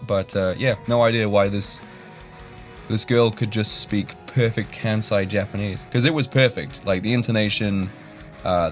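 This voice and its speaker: Rambling young man telling a story. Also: on the low side. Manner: rambling, self-deprecating, many fillers and restarts. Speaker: YouTuber. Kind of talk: casual storytelling.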